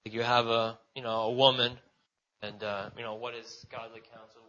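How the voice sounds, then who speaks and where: A man's voice: mid-range voice, flat delivery, normal speed, bright, forceful tone, muffled recording. A man preaching in a loose, conversational way, restarting his sentences and often adding fillers. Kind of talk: casual sermon.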